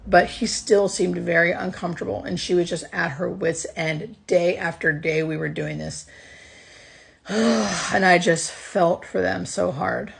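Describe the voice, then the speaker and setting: A woman's voice: lowish voice, steady tone, unhurried, vocal fry, husky. A woman who works as a hospice nurse, earnestly telling a personal work story in a casual way, close to tears.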